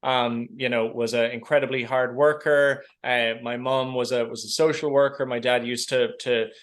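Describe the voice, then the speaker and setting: A man's voice: mid-range voice, steady tone, moderate pace, a bit bright. Hesitant Irish man in his thirties. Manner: hesitant, often repeats words while thinking. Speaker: podcast guest. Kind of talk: casual interview chat.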